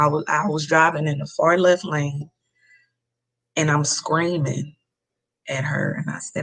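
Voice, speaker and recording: A woman's voice: low voice, level tone, unhurried, vocal fry, pauses often, a bit bright. A woman, a podcast guest telling a personal story in an earnest, emphatic way and repeating key phrases.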